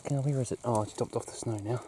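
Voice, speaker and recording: A young man talks easily as he hikes across the mountain tops and laughs often. It is recorded on a handheld camera outdoors. Wind noise is clearly heard behind him. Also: medium pitch, fast talker. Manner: relaxed, chatty, laughs easily. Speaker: hiker filming a vlog. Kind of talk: casual outdoor vlog narration.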